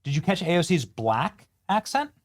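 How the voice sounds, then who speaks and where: A man in his thirties hosts a political show and reacts to clips with open sarcasm. His voice is very lively, shooting up into loud jeers and falling back to grumbling asides. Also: normal speed. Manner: sarcastic, scornful, swings between loud jeers and low mutters. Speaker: political commentator host. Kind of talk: reacting to clips, mocking commentary.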